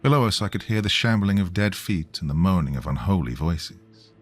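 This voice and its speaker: Man, very deep voice, slow grave horror narration, faint music underneath. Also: expressive.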